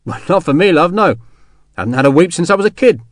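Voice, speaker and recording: A man doing a gruff, chatty young sergeant. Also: on the high side, lively intonation, fast, no echo, studio quality, voice pushed up, lightly acted. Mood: reassuring. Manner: rough, chatty soldier's talk. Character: gruff young male English sergeant, bluff and kindly.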